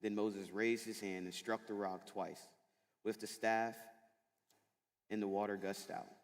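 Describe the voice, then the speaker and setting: In a large school chapel, a man with a fairly low, level voice preaches to middle schoolers at a measured pace. His sermon is chatty and informal, storytelling packed with fillers, and the hall leaves a long echo.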